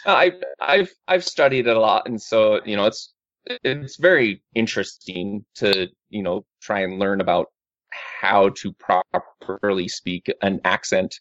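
A man's voice: lowish voice, measured pace, a bit bright, no room sound. A man chatting casually with friends, rambling through his news with many restarts and fillers. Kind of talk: casual group chat. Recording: dull lo-fi recording.

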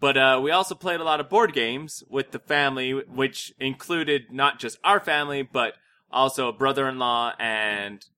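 A man's voice: mid-range voice, moderate pace, bright, forceful tone, smooth. A man in his thirties chatting casually as co-host, chatty and self-mocking, laughing easily. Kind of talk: casual chat.

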